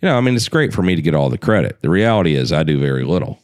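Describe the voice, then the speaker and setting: A deep-voiced man hosts a loose, profane conversation, his pitch swinging widely as he talks. He laughs easily and keeps things relaxed. The sound is close and dry, with no room echo. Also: racing. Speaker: podcast host and gun company owner. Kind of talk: casual chat.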